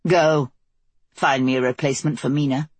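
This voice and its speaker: A woman's voice: extremely low pitch, steady tone, breathy edge, no room sound, voice pushed down. A woman reading the part of an embittered, imperious queen who gives cold orders and flares into rage. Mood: curt weary. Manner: cold, commanding, quick to rage.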